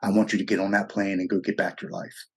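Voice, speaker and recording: A man's voice: sits low, little pitch movement, quick pace, vocal fry, slightly rough. A middle-aged American man telling his personal story as an interview guest, blunt, raw and profane. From United States.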